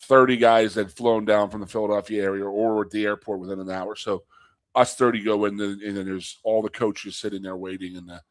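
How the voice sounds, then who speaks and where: A man co-hosting a casual chat show, telling old locker-room stories with lively, acted-out quotes. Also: brisk, dry recording. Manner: animated storyteller, acts out quotes in a high loud voice. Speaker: co-host and former college athlete.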